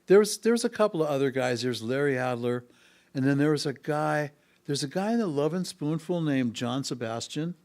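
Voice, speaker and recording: A man who is a musician, guest on an interview podcast in a music school studio, telling a long story with many pauses and hesitations. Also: a little high, lively intonation, a little mellow. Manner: rambling, with frequent hesitations. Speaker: musician guest, harmonica and bass player.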